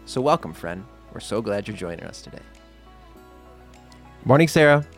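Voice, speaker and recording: A man's voice: on the low side, big pitch swings, normal speed, faint music behind. A man co-hosting a casual faith podcast, upbeat and playful, prone to tangents. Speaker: podcast co-host.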